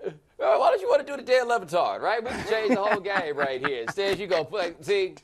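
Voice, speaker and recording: A man's voice: high-pitched, very animated, brisk. A man co-hosting a talk show, needling others with wry jokes. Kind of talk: casual talk show chat. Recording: crowd audible behind.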